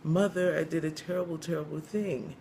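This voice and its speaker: A man's voice: fairly high pitch, slight background noise, pitched above the performer's own voice. A man doing a tearful young pregnant wife. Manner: halting, broken phrases. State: crying. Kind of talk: comedic storytelling.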